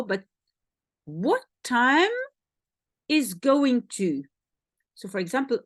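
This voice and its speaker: A woman with a Belgian Dutch accent, Dutch her first language, explains a language lesson at an unhurried pace. Her slightly high voice swings widely in pitch as she spaces out each example. The sound is close and dry. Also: dry recording. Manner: slow, carefully spaced explanations with example phrases repeated. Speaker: language teacher.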